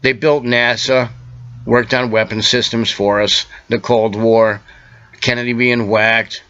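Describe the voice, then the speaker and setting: A man talking straight to the camera in an urgent, insistent monologue, lecturing the listener and halting often with fillers. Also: mid-range voice, level tone, bright, forceful tone, clear, resonant tone, muffled recording. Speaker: self-made video speaker.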